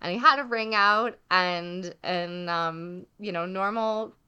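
A young woman telling a travel story in casual chat, full of "like" fillers and animated retelling. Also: fairly low pitch, slow pace, smooth, dull audio.

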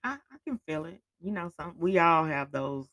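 A woman's voice: lowish voice, lively intonation, a bit bright, dry recording. A woman co-hosting a podcast in casual chat, playful and encouraging, often finishing her partner's sentences. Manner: playful, encouraging, quick to chime in. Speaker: podcast co-host.

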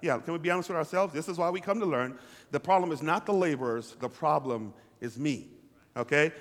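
Man, pastor, call-and-response sermon, fairly high voice, long church-hall reverb. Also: fast talker. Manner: preaching with call-and-response, repeating lines for emphasis.

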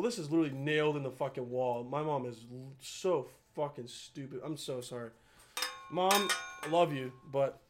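A man with an American accent, hosting a podcast in a rambling, profane casual monologue, often chuckling as he talks. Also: on the high side. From United States. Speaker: podcast host.

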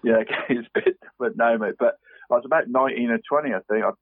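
A man's voice: medium pitch, fast talker, slight background noise. Man saying "mate" on a tinny line. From Cornwall. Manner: says "mate" constantly, rambling with restarts. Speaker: podcast co-host. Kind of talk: casual football chat. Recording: dry, tinny phone-like line.

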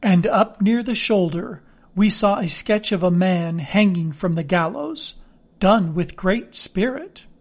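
A man reading a classic novel aloud as narrator, in measured storytelling. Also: high voice, animated. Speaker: audiobook reader.

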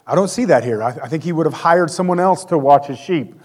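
A man's voice: fairly high pitch, quick pace, a little mellow, breathy edge. A man in his forties preaching a conversational sermon with self-deprecating humor. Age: 40s. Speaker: pastor.

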